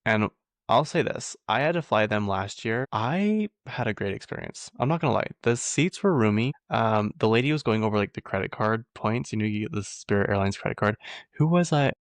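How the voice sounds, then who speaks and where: A man's voice: lowish voice, expressive, fairly quick, dry recording. A man hosting a podcast, chatting casually about pop-culture gossip in a rambling way, full of "like.". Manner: chatty, rambling, heavy use of "like". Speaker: podcast host.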